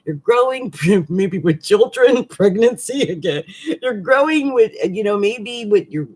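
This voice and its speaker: A woman astrologer casually talks through a monthly forecast, chatty and animated, with slangy asides and frequent laughs. Her voice is medium-pitched, husky, and unhurried.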